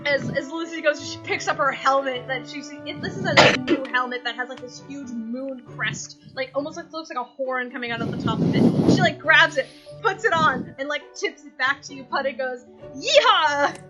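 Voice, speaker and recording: High-voiced woman game master, rambling. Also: moderate pace, highs cut off. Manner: rambling, many fillers and restarts. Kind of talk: narrating a tabletop game. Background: music.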